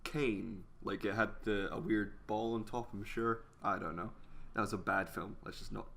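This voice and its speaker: A young man with a low but bright, forceful voice chats casually as a podcast co-host. He talks offhandedly, trails off mid-sentence and drops the odd swear word. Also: steady tone, normal speed, vocal fry, slight background noise. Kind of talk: casual chat.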